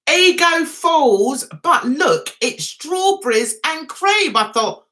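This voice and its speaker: Lively, bright-voiced Cockney woman chatting. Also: high voice, slow pace. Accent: London Cockney. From England. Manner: chatty, reads viewer comments aloud and answers them. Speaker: livestream host reviewing TV. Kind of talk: casual livestream chat.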